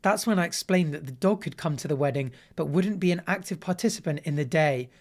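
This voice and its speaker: A man hosting a comedy show, reading online posts aloud and reacting with animated, sarcastic commentary. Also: fairly high pitch, a little fast.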